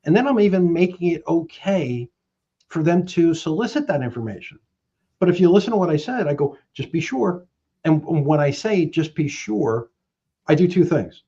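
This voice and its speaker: Middle-aged male mortgage pro, lively sales-coach delivery on a muffled line. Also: a little high, brisk, breathy edge. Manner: emphatic storyteller, acts out both sides of phone calls. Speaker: guest, mortgage professional. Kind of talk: animated sales coaching talk.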